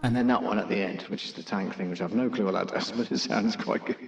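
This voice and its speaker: A man's voice: fairly low pitch, quick pace, creaky. A man talking through a megaphone radio effect, chatty and thinking aloud. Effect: megaphone radio filter. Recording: dull radio-filtered sound.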